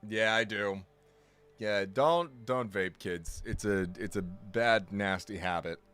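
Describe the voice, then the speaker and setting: A man's voice: on the low side, slow pace, fairly bright tone, clean tone. Rambling, self-correcting male streamer. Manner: jokey, self-deprecating and exaggerating. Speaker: game streamer. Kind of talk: casual live-stream chat.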